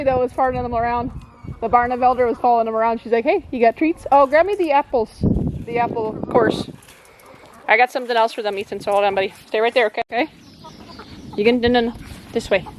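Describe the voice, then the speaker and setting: A woman vlogging on her farm, patiently giving her small son short repeated instructions as she shows him how to feed the chickens. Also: fairly high pitch. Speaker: homestead vlogger and mother. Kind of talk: casual instructions to her child. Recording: outdoor camera audio with clear farm noise. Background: chickens clucking.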